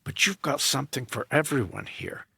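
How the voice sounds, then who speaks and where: Speaking at a moderate pace, the gravelly-voiced American guest, a tenor and opera director, performs both roles in a conversation he's recounting for a podcast interview. His low, husky tone comes through a dry recording with no echo or room sound.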